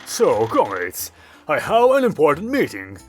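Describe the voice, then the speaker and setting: Brief: man as unflappable Soviet commander, lively pitch, smug, faint music. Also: unhurried, breathy edge, exaggerated voice. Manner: smug, calm, lecturing. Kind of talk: audiobook character voice.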